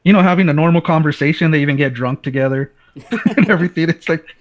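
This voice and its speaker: A man's voice: a little high, quick pace. A man co-hosting a casual film discussion, laid-back and enthusiastic, often saying "man" and restarting sentences. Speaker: co-host.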